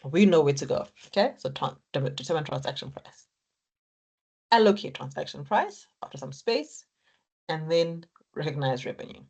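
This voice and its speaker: Low-voiced woman lecturing on exam technique. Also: very animated, moderate pace, gravelly, a little mellow, husky. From Africa. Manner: encouraging, repetitive, talks students through steps. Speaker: accounting lecturer.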